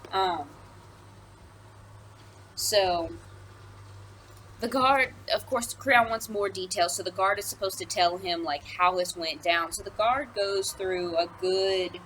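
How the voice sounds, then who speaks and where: A woman's voice: medium pitch, takes it slowly, long pauses, a bit bright, a little hiss or hum, low-quality recording. Chatty woman teacher explaining a play. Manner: chatty, with many fillers and asides. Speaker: high school English teacher. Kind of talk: casual recorded lesson.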